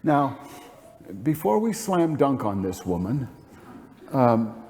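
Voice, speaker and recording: A man's voice: mid-range voice, very animated, slow, mellow, a little hiss or hum. A man preaching a sermon as pastor, earnest and emphatic, asking rhetorical questions. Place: church sanctuary. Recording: long hall reverb.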